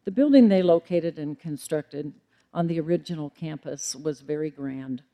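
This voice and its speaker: A middle-aged woman, a librarian, speaks in a low, warm voice during a formal public lecture. Her pace is measured, with the odd um and self-correction.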